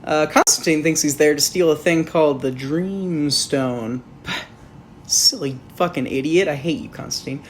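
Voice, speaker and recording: A woman's voice: low-pitched, measured pace, a little hiss or hum. Sarcastic woman reviewing a movie. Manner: sarcastic, jokey asides, swears casually. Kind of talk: sarcastic comedic film review.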